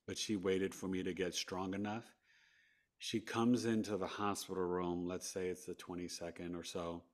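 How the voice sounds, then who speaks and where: A man from New York, a podcast guest, telling a personal story with big swings between hushed and loud delivery. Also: low-pitched.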